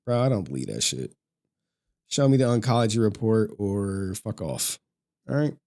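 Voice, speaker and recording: A man's voice: on the low side, lively intonation, normal speed, darkish tone. A young man ranting on a livestream, profane and mocking, often breaking into laughter. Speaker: streamer. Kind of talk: livestream rant.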